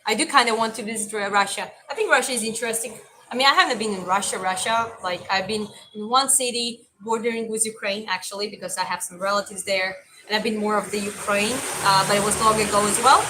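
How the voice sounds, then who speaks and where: Bright-voiced woman chatting on a livestream. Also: mid-range voice, slight background noise, low-quality recording. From Georgia. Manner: chatty, rambling with many restarts. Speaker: livestream host reading chat. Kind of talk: casual livestream chat.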